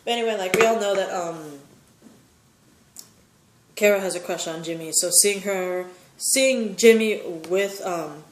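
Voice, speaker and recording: A woman's voice: medium pitch, measured pace, pauses often, echoey room. A woman giving a casual, opinionated recap of a TV episode, rambling with many fillers. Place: sitting in a chair at home.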